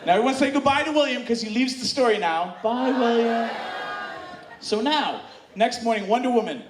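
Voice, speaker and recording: A man's voice: extremely high pitch, lively intonation, normal speed, far from the mic, background noise. Chatty storyteller man bantering with a crowd. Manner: banters with the audience and prompts them to shout answers; chatty, frequent fillers and restarts. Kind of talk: live comedic storytelling on stage. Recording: echoey room, heard from off-mic.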